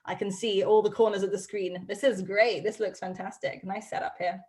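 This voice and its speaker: A woman's voice: mid-range voice, steady tone, moderate pace, darkish tone. A woman dog trainer teaching a live online class over a video call from her home study, upbeat and chatty with frequent ums.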